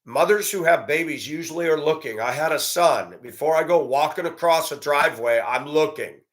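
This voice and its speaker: A man's voice: fairly high pitch, moderate pace. A man giving a blunt, profane, indignant monologue and telling a story about a run-in. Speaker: commentator. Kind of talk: ranting monologue.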